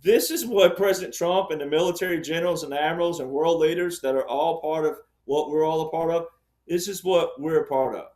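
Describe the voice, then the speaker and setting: A man's voice: fairly high pitch, brisk, darkish tone, reverberant. A man speaking as a panel guest, explaining his point emphatically and repeating key ideas like a lecturer.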